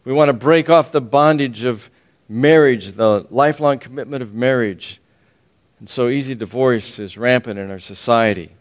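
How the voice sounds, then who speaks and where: Guy preaching a bible sermon, mid pitch, hammers his points by repeating them, clears his throat a lot. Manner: emphatic, repeats phrases, clears throat often, chuckles.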